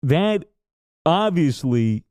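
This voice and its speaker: Laughing man, mellow tone. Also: on the high side, extremely slow, dry recording, studio quality. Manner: animated storyteller, laughs often. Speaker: podcast co-host. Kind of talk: casual chat.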